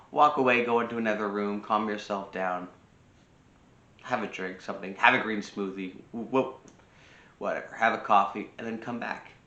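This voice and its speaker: Bright-voiced man lecturing in an echoey room. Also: on the low side, lo-fi sound. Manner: earnest, repetitive, lecturing with frequent restarts. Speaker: self-improvement video host. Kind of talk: casual advice monologue to camera.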